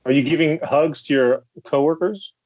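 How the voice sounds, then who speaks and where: A man's voice: on the high side, moderate pace, a little mellow, muffled recording. A man hosting a casual podcast from home, leading with playful questions. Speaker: podcast host. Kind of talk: casual chat.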